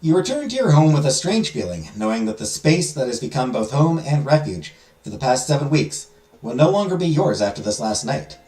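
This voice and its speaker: A man's voice: medium pitch, very animated, brisk, a little mellow. A man hosting a let's play, reading a visual novel aloud with dramatic storytelling and joking asides. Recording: roomy echo with music behind.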